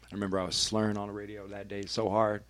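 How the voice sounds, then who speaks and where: A man's voice: lowish voice, completely flat delivery, fast, a bit bright. A man, a radio personality, telling a candid and emphatic personal story as a podcast guest, swearing freely.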